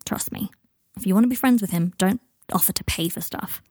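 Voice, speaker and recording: A woman's voice: mid-range voice, brisk, darkish tone, husky, dry recording, clean studio sound, close to an everyday voice. A woman reading the part of a blunt, plain-spoken male wizard officer in an audiobook.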